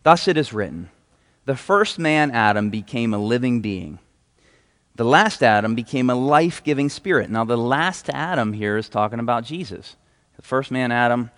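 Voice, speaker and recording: A man preaching a sermon as a pastor in a casual, enthusiastic way, reading scripture aloud. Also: mid-range voice. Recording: hall reverb.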